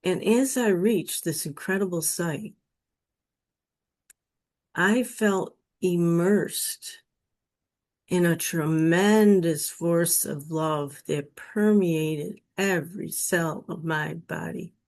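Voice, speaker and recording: A woman's voice: fairly low pitch, a little mellow. A woman telling her personal near-death experience story in an earnest, emotional way. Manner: slow, earnest, emotional retelling.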